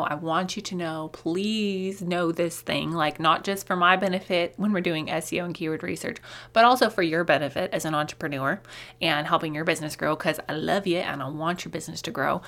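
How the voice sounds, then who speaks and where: A woman hosting a solo marketing podcast, talking casually with lots of "like"s and quick laughs. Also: fairly low pitch, vocal fry, a bit bright. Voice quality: chatty, many "like"s, laughs often. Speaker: podcast host, marketing coach.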